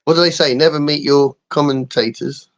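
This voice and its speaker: A man's voice: a little high, fairly even intonation, moderate pace. A middle-aged English man chatting casually on a live stream, rambling and self-mocking, often laughing. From England. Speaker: guest co-host.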